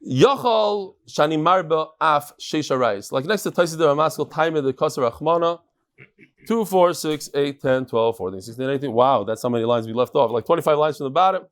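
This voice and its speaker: A man teaching a daily Talmud class to a live group in a study hall. He talks in an animated, joking way and walks through a chart. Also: on the high side, brisk. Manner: animated, joking, explains with a chart and laser pointer.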